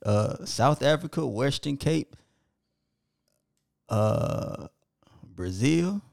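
A man's voice: medium pitch, lively intonation, very slow, gravelly, darkish tone, no room sound, studio quality. A man co-hosting a podcast, casually reading out listener locations and apologizing when he stumbles over foreign names. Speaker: podcast co-host.

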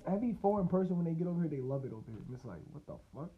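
A man's voice: a little high, lively intonation, very fast, a little hiss or hum. A man hosting a casual solo podcast, talking loosely and profanely, rambling with laughs and restarts. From United States. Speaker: podcast host. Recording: tinny phone-like line.

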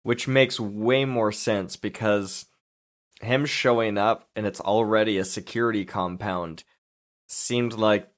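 A man's voice: on the low side, steady tone, slow pace. Wry, mocking male movie podcaster. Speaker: podcast co-host. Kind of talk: casual movie review chat.

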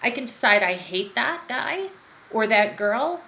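A woman's voice: on the high side, sing-song, unhurried, pushed and bright. A woman speaking as a guest in an interview, telling personal stories in an earnest, reflective way. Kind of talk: conversational interview. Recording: roomy echo, faint background noise.

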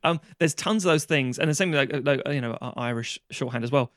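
A man, co-hosting a casual chat, animated and sweary, on a close mic. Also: medium pitch, no room sound. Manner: animated, sweary, quick-fire. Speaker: podcast co-host.

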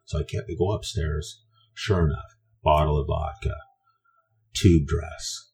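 A man's voice: very deep voice, fairly even intonation, unhurried, vocal fry, background noise. A man from Canada telling a personal story in a meandering, conversational way, often restarting his sentences.

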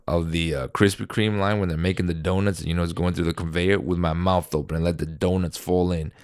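New man, deep, dry close recording, rambling casual storyteller who swears. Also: a little fast, no room sound. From New York. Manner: rambling, animated, swears freely.

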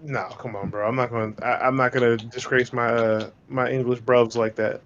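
A young man co-hosting a wrestling podcast, joking around in slangy, animated chat. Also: mid-range voice, moderate pace, lo-fi sound. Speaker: podcast co-host. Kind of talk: casual chat.

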